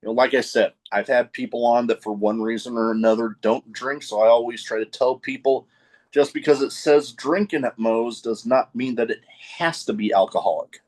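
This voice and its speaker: A man's voice: medium pitch, normal speed. A man hosting a podcast, chatting casually and answering his guest with short reactions. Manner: short reactions, laughs along. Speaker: podcast host. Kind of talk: casual chat.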